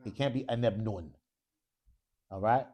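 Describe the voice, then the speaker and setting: A man's voice: mid-range voice, a little slow, warm tone. A man teaching an Arabic grammar class in a mosque classroom, constantly quizzing his students with questions. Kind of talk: classroom lesson.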